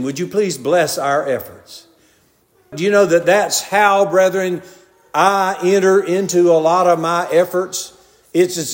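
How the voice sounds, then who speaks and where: An older man with a Southern US accent preaching a folksy, conversational sermon, telling homely stories and repeatedly addressing his listeners as "brethren.". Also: high-pitched. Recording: long reverb of a large hall.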